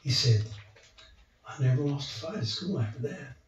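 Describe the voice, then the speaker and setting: Speaking at a medium pitch and a moderate pace, this man recounts his testimony to the congregation in an animated way, performing the voices of the people he quotes. A little hiss or hum sits under the roomy, distant, dull church recording.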